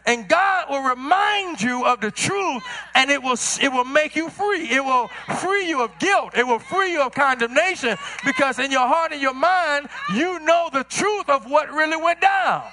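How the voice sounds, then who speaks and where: High, bright-voiced Southern preacher. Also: male voice, lively intonation, moderate pace, hardly any pauses. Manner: preaching with sudden shouts and drops to quiet asides; acts out other people's words in quoted voices. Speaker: pastor. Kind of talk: sermon.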